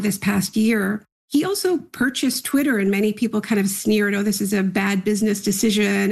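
A woman answering an interview question in an earnest, measured, analytical way. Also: medium pitch, gravelly, a little mellow. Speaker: author guest.

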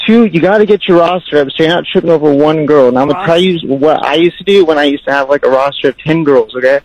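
A man's voice: a little high, fast talker, crowd noise. A man calling into a radio show, confidently lecturing and giving dating advice, often repeating himself. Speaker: radio caller. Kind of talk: casual call-in advice. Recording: muffled phone line.

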